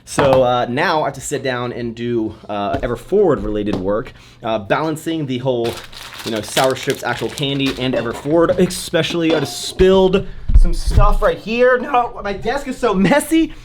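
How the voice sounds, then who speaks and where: A young man in his twenties, a fitness vlogger, chats casually into a handheld camera at medium pitch and a moderate pace. He's upbeat and rambling with lots of fillers, moving between a gym, an office and a car, with a noisy background.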